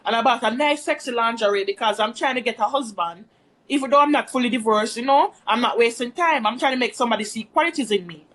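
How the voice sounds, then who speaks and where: Brief: high-pitched woman vlogger, casual rambling storytime, chatty with her viewers. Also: fast talker, a bit bright.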